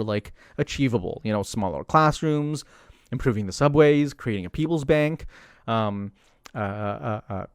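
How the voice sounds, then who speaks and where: A young man talks through his thoughts in a loose, rambling livestream chat, full of "like" and "you know" and sudden animated asides. His voice sits at a middle pitch. The sound is dry and close, with no room echo. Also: clean tone. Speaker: streamer commenting on politics. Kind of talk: casual livestream commentary.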